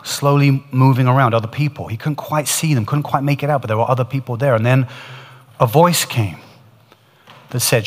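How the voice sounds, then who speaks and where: Earnest male preacher, mid-pitched, storytelling sermon; long reverb of a hall. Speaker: preacher retelling a testimony.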